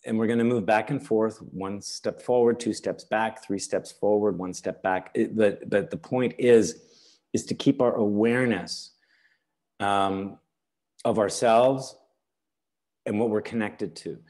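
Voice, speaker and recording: A man giving a teaching webinar over a video call, unhurried, often checking in with "all right?" and "okay?". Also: lowish voice, a little mellow. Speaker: webinar presenter.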